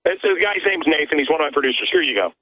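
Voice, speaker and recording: A man calls in over a muffled, lo-fi phone line, his voice sitting a little higher than most men's. He talks in a heated, emphatic rush of talk radio, tripping over his words and starting sentences again. He sounds worn out and fed up. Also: expressive, racing, no room sound. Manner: emphatic, stammers and restarts, exasperated. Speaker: radio host calling in as a guest.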